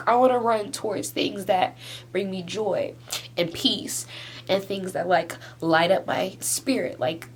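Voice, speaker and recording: A young woman in her twenties crying softly through a rambling confessional vlog at home, filling every pause with "like" and breaking into teary laughs. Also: medium pitch, a little hiss or hum. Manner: rambling, heavy use of "like", tearful laughs. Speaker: vlogger. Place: at home doing a face mask.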